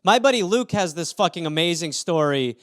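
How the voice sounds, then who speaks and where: A man with a high, smooth voice riffs through a solo comedy podcast. He talks profanely and rambles from one absurd scenario to the next. The sound is close and dry, with no room echo. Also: lively intonation, fairly quick. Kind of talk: solo comedic riffing on news stories. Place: home room.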